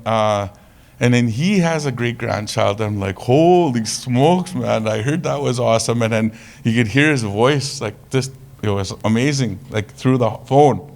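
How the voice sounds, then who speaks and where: Male presenter, relaxed and humorous, tells stories to a crowd at an average pitch. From Canada. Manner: casual, joking, animated storytelling. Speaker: conference presenter. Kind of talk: conference talk.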